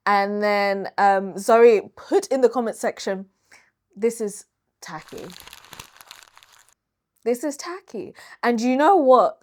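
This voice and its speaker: A woman co-hosting a casual pop-culture chat, talking in animated bursts that climb to loud exclamations. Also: medium pitch. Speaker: co-host.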